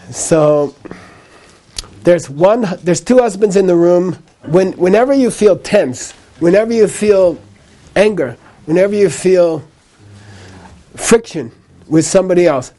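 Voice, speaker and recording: A man lecturing a class on Buddhist ideas in a mellow, fairly high voice. He explains patiently with a light laugh now and then, says each key point more than once and checks in with "okay?" after it. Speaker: Buddhist teacher.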